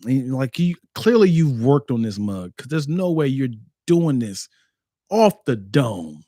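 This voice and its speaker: A man guesting on a podcast as a producer and comedian, joking casually and acting out rappers in quick bits. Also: mid-range voice, sing-song, mellow, dry recording, clean studio sound. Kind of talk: casual hip hop banter.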